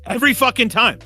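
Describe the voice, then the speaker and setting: Bright-voiced man telling stories casually. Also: very high-pitched. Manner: animated storyteller, swears freely, acts out quoted voices. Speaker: podcast co-host. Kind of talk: casual chat.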